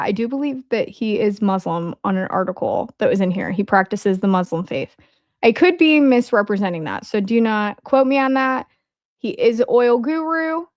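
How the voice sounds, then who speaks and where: Speaking in a high-ish voice with a Midwestern accent, a livestream host chats and jokes with her viewers. The studio-quality recording has no room sound.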